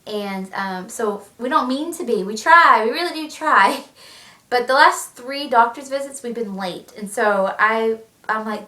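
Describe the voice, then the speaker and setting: A woman's voice: a little high, measured pace, pushed and bright. A young pregnant woman chatting animatedly in a casual vlog, laughing often. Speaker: vlogger. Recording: echoey room, mic at a distance.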